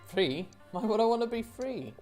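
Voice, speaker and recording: A woman voicing a gruff, blustering old male pirate frog captain in a mock Scottish accent. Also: a little high, sing-song, moderate pace, darkish tone, soft background music, pitched above the performer's own voice. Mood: boastful.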